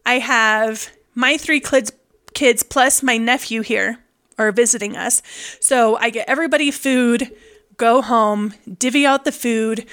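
Animated woman telling a funny story. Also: fairly high pitch. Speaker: podcast co-host, hairstylist. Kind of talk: casual storytelling chat.

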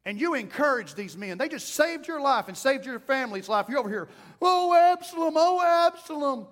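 A man voicing a blunt male army commander who scolds a grieving king, talking fast and emphatically. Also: very high-pitched, expressive, big-room sound, voice pushed up. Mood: scolding.

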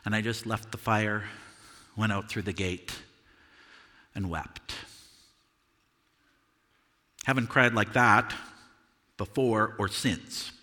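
A man performing a first-person monologue as the Apostle Peter, earnest and confessional, halting over repeated words. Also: lowish voice, pushed and bright, long reverb tail, full character voice. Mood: anguished. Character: Apostle Peter, a remorseful fisherman recounting his denial. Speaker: dramatic monologue performer at a church service. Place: church sanctuary.

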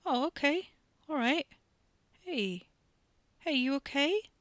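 A woman's voice: high voice, expressive, slow, fairly bright tone, no room sound, voice pushed up, full character voice. A woman doing a sarcastic young man. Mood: gentle. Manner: dry, sarcastic. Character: wry young English man, weary, sarcastic.

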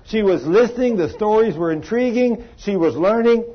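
A man's voice: high voice, lively intonation, moderate pace. A man preaching a sermon, telling folksy stories and acting out the people in them, recorded on dull lo-fi audio. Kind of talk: storytelling sermon.

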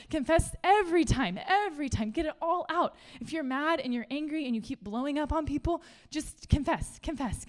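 Animated woman preaching. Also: high voice. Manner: conversational and animated, laughs often. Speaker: pastor. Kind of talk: sermon.

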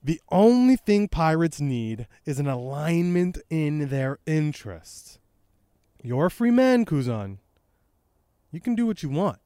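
A man voicing a gruff, scheming male pirate captain with a drawling twang. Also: a little high, big pitch swings, a little slow, warm tone, no room sound, clean studio sound. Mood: persuasive.

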